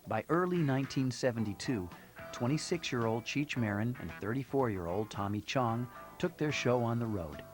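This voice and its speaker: A man reading scripted documentary narration in a measured, storytelling way. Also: mid-range voice, lively intonation. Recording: narration over loud music.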